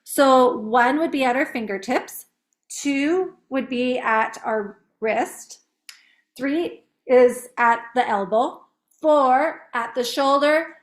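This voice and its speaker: Upbeat woman teacher, bright and chatty. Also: high voice. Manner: chatty, upbeat, demonstrates words slowly in syllables. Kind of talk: casual teaching demo.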